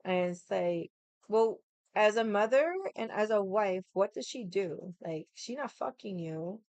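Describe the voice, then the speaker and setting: A woman's voice: mid-range voice, measured pace, a little mellow, no room sound. Blunt, foul-mouthed woman chatting. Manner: blunt, swears freely, rambling storytelling. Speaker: vlogger. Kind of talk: casual chat.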